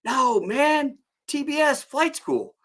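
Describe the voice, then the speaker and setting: A man putting on the voice of a loud, breezy old friend in flip-flops calling out a greeting. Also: lively intonation, slow pace, full character voice. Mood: hollering. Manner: loud hollering, high and breezy. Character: laid-back surfer-type old buddy, male.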